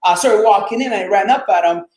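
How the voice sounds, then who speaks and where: Animated storyteller, native Arabic speaker. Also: male voice, high voice, quick pace, reverberant, poor audio. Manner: animated, swears, acts out quotes. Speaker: podcast guest. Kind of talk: casual interview storytelling.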